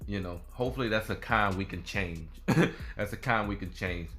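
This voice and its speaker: A man's voice: on the low side, moderate pace, a bit bright, soft background music. A man hosting a basketball video, chatting casually, often repeating himself and tacking "man" onto his sentences. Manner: casual, repeats phrases and ends lines with "man". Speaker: sports video host.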